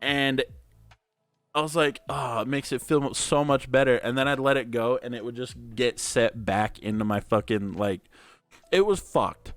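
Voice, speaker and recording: A man's voice: mid-range voice, normal speed, fairly bright tone, faint music behind. A young man hosting a podcast, telling stories in a crude, laid-back way that is full of "like" and swearing. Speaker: podcast host. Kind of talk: casual storytelling chat.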